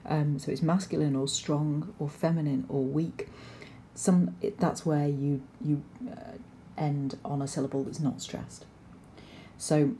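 Teacher lady going through a poem, low mellow voice, lots of ums, bit of hiss behind. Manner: explanatory, steady, with frequent ums and restarts. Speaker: English teacher. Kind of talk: recorded poetry lesson with slides.

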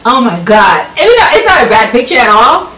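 Excitable woman vlogging in an echoey room. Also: fairly high pitch, fairly quick, distant mic, heavy background noise. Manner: nervous, excitable, squeals and laughs. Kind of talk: casual vlog chat.

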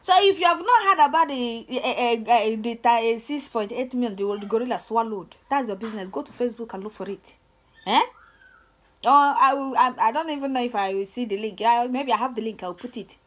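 A young Nigerian woman with a Nigerian accent and a slightly high voice, ranting to her channel's viewers. She is scornful and repetitive, stumbling over her words with frequent "eh"s and restarts. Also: fairly quick. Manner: scornful, repetitive, stammers with many "eh"s. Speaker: channel host. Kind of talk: ranting commentary vlog.

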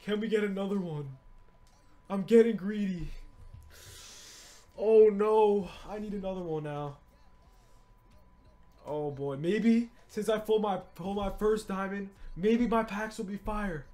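A young man giving excited, pleading commentary while opening game card packs, swinging from low mutters to loud shouting. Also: unhurried, long pauses. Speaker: gaming YouTuber.

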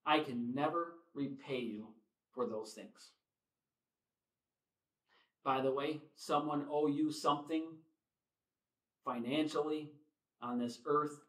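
A middle-aged man preaching a sermon in a church, shifting from soft, slow reflection to loud, emphatic appeals. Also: a little high, fairly even intonation, reverberant, poor audio. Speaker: pastor. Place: church sanctuary.

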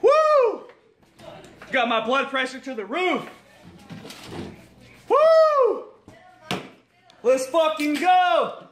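A man shouting and screaming with joy, swearing as he celebrates. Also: very high-pitched, lively intonation, a little slow, hardly any pauses, echoey room, a little hiss or hum. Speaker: celebrating fan.

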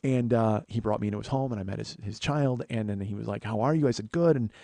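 Fast-talking, profane, earnest podcast man. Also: creaky, dark tone, no echo. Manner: acts out quoted voices in a higher pitch. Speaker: podcast host. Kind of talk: solo storytelling monologue.

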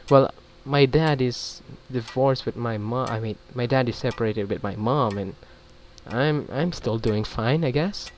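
A man's voice: mid-range voice, a little slow, slight background noise. A man casually commenting as he plays a story game, thinking aloud about which choice to pick. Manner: chatty, reacts aloud while thinking through choices. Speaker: gaming channel host.

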